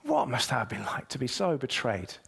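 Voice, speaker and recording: A man's voice: wildly swooping pitch, brisk, vocal fry, breathy edge. A man preaching a sermon, speaking straight to the congregation and building to emphatic peaks. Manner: emphatic, with wide swings in pitch and loudness.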